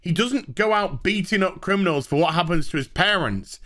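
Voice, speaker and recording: Animated man ranting. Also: high-pitched, normal speed. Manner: sarcastic, profane, animated. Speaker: host. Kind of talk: ranting TV review.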